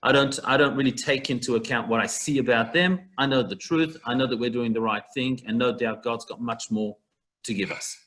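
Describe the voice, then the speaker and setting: A man teaches a Talmud passage to an online class, heard over a video call. His mid-range voice is steady, brisk and fairly bright in tone, and he talks the text through casually with everyday comparisons in this text study session.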